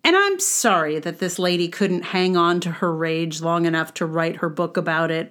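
A woman's voice: on the low side, lively intonation, normal speed, few pauses, a bit bright. Woman ranting about a book, sarcastic and fired up, then chatty with lots of likes and ums. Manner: wry, conversational with fillers. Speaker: podcast host reviewing a book. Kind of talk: casual monologue.

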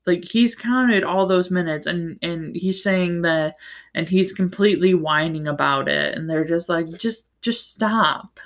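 A woman's voice: fairly low pitch, measured pace. A woman hosting a podcast, giving a casual, rambling book recap with plenty of fillers, restarts and the odd swear word. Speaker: podcast host.

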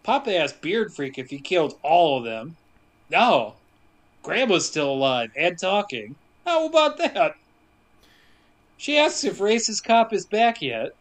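A man casually recapping a movie for a podcast, telling it with jokes and quick asides. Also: sits high. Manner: joking, animated storytelling with quick asides.

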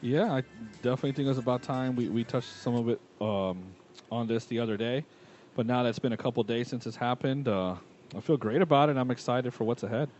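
A man co-hosting a casual sports podcast, soft-spoken and laid-back, with some hesitant fillers. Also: mid-range voice, fast, highs cut off, soft background music. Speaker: podcast co-host.

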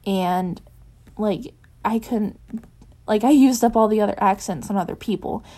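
A woman reads a fan fiction chapter aloud in a soft, unhurried voice. Afterwards she drops into a casual, rambling chat with her listeners, full of ums. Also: mid-range voice. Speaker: fanfiction reader. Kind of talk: audiobook narration of fan fiction.

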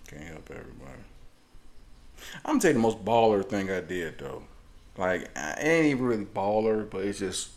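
A man's voice: sits low, vocal fry. A man telling a comic story on a podcast as co-host, rambling and laughing often.

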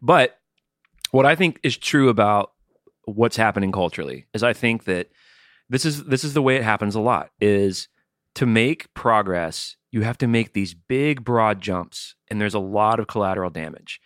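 A man's voice: on the low side, animated, normal speed, fairly bright tone, dry recording, studio quality. A man co-hosting a podcast, talking candidly and reflectively, playing along with his partner's jokes. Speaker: podcast co-host. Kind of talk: casual chat.

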